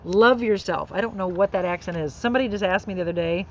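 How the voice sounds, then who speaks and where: Speaking very fast in a lowish voice, a woman hosts an outdoor live podcast of inspiration, urging faith and kindness with earnest encouragement. The recording is muffled, and birds plus faint outdoor noise can be heard behind her.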